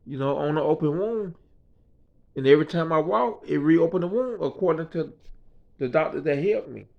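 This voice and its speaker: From his hospital room, a man tells a meandering, casual story of his stay for his vlog, often checking "you know what I mean." He has a slightly high, gravelly, expressive voice at a moderate pace, and the recording sounds dull and lo-fi.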